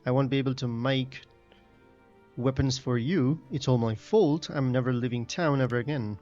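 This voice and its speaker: A man's voice: mid-range voice, normal speed, a little mellow, muffled recording, soft background music, lightly acted. A man reading the part of a nervous, guilt-ridden male blacksmith in a fantasy game, anxious and apologetic. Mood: fretful.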